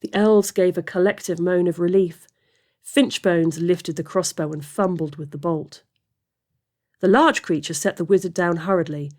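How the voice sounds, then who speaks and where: A woman reading a fantasy story aloud as narrator, steady and expressive. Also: fairly low pitch, moderate pace. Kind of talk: audiobook fiction reading.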